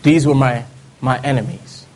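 A man telling a personal testimony in an earnest storytelling way, often dropping to soft low tones. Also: moderate pace. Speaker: speaker giving testimony.

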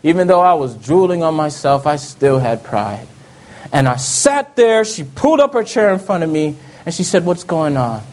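A man telling a personal testimony in an earnest storytelling way, often dropping to soft low tones. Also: sing-song, moderate pace. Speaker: speaker giving testimony.

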